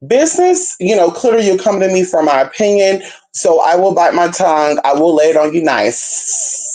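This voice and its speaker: At a normal speed and with a darkish tone, a Californian woman does a casual spiritual reading for her viewers. Chatty and sassy, she calls them baby and girl, drops into murmurs, and jumps up into squeals.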